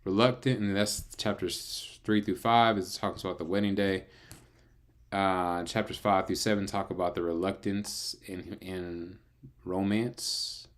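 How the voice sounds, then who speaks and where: A man's voice: low voice, steady tone, measured pace. A man reading through the Bible, breaking off into playful, chatty asides. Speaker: Bible reader and narrator. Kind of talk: casual Bible reading with commentary.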